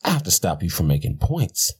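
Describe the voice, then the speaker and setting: A man's voice: low voice, very animated, fairly quick, slightly rough. A man hosting a podcast, talking in a blunt, profane, rambling way with frequent restarts. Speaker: podcast host. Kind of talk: casual rambling commentary.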